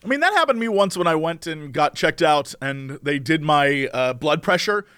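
A young man co-hosting a casual podcast, telling comic stories and doing quick impressions of the people he quotes. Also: on the high side, lively intonation, a bit bright, clean tone, dry recording, clean studio sound. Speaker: podcast co-host.

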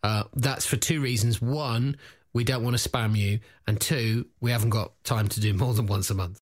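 A man's voice: on the low side, fairly even intonation, normal speed. Man, podcast host, teasing, rambling, casual chat with plugs. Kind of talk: casual comedic chat and promo.

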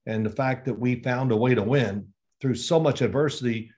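A man's voice: medium pitch, normal speed. A man in his sixties, a former quarterback, telling stories in a casual interview and acting out the exchanges he quotes. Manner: animated storyteller, acts out quoted exchanges. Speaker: former NFL quarterback guest.

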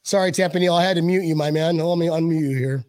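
A man's voice: fairly high pitch, fast talker, a little mellow, no room sound, studio quality. A man hosting a podcast in casual chat, rambling and joking with many restarts. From Buffalo, USA. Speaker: podcast host.

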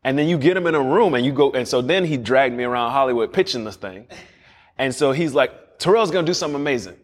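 Man, interview guest, casual storytelling, animated, restarts sentences, echoey room. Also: mid-range voice, fairly quick. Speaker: guest, series creator.

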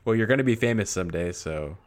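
A man chatting casually as a podcast co-host, with a somewhat low voice. He sounds easygoing and conversational. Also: lively intonation, fast talker. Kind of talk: casual chat.

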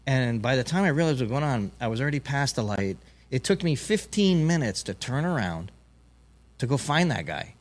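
A man hosting a podcast, telling a long story in a rambling, animated way with many restarts. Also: medium pitch. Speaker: podcast host. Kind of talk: casual storytelling chat.

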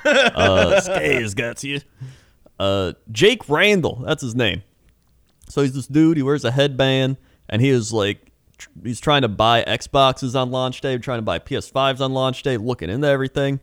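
Young male podcast co-host, animated pitch, dry close sound, rambling storyteller. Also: unhurried, no echo. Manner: rambling storyteller, lots of fillers and swearing. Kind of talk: casual chat.

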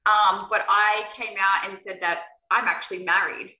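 An Australian woman talks through an interview in a bright, forward voice, circling back over her points in a loose, upbeat ramble. She sits a little away from the mic, and the room adds a noticeable echo. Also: medium pitch, fairly even intonation, moderate pace. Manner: upbeat, rambling, repeats herself. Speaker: guest wrestler. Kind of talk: casual interview chat. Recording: echoey, distant from the mic.

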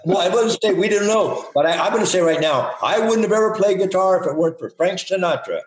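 A man's voice: high voice, fast talker. An older man, a guest in a casual podcast interview, telling playful, rambling stories and laughing often. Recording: roomy echo.

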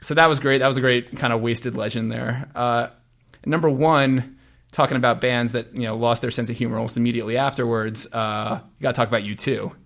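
Gravelly man hosting a casual music podcast. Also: medium pitch, steady tone, brisk, fairly bright tone. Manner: long, meandering sentences. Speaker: podcast host.

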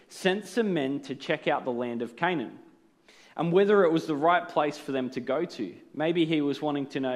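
A man preaching a sermon with a slightly higher-pitched voice. He explains his points earnestly and works through rhetorical questions. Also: darkish tone.

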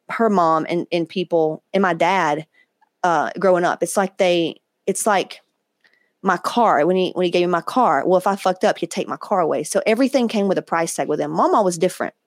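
A woman hosts her podcast, talking straight into a close mic with no room sound. She tells personal stories candidly and swears often. Her delivery is animated and conversational. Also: fairly low pitch, moderate pace, dry recording. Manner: candid, profane, animated, quoting others in asides. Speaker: podcast host. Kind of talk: casual storytelling monologue.

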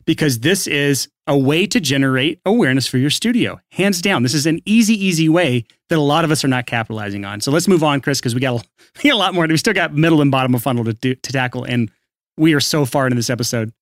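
A man co-hosting a podcast, with a voice a little higher than usual and an even, guiding delivery. The recording is dry and close, with no room sound. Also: quick pace, dry recording. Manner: steady, keeps the episode on track. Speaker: podcast co-host. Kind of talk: casual business podcast teaching.

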